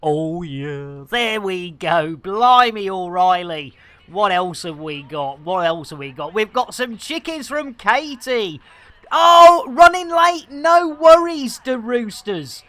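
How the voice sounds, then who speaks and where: Giggly woman streaming, lively pitch. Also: slow, no room sound. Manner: chatty, giggly, playful banter with viewers. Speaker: game streamer. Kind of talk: casual live-stream chatter. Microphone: headset.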